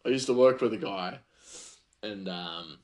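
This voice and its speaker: A man's voice: on the low side, measured pace, a little mellow. A man hosting a podcast, telling stories in a chatty, rambling way full of fillers. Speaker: podcast host. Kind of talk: casual storytelling.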